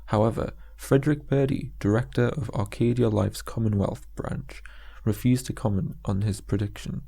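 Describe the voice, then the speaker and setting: A man narrating an audiobook in a steady, measured storytelling manner. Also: on the low side, creaky.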